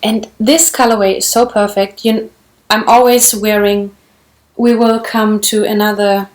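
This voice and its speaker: A woman's voice: mid-range voice, flat delivery, unhurried. A German woman with a German accent, chatting casually in English on her knitting vlog, gushing over yarn and restarting often. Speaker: knitting vlogger. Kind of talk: casual show-and-tell.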